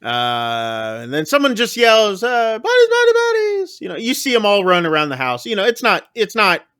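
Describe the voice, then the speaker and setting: A man's voice: high-pitched, sing-song, normal speed, bright, forceful tone, clear, resonant tone, no echo, clean studio sound. A man co-hosting a casual film review podcast, retelling the plot scene by scene and briefly acting out the characters' lines. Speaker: podcast co-host.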